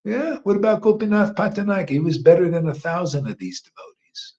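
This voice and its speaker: A man giving an informal devotional sermon, rambling and emphatic, dropping to hushed asides and rising to loud outbursts, with slangy "man" and "you know" throughout. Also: high voice, big pitch swings, brisk, highs cut off. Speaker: devotional teacher leading a chanting gathering.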